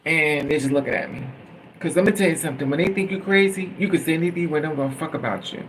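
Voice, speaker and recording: A man with a slightly high, gravelly voice tells his story casually. He rambles, swears freely and keeps laughing at his own telling, with a faint hiss of noise behind him. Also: fast, a bit bright, rough recording. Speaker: storytime vlogger.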